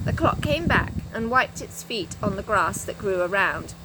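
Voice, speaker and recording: A woman reading a children's storybook aloud with an expressive delivery. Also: medium pitch, normal speed, background noise. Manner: expressive, animated. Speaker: reader.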